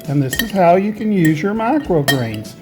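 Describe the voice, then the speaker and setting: Man, folksy, chatty, casual kitchen demo, slightly higher voice. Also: sing-song, normal speed, music in the background. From Tennessee, USA. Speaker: host of a home gardening channel. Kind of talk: casual food demonstration.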